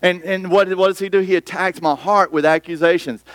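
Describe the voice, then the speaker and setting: A man's voice: high-pitched, steady tone, fairly quick, few pauses, dry recording. A man preaching a sermon in a conversational way, acting out the voices of other people. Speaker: pastor.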